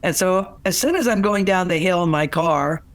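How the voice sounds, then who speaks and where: Older man, relationship advice, animated storyteller, slightly high voice, dry close recording. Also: moderate pace, dry recording. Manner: animated, acts out quoted voices, laughs often. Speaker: relationship author and guest.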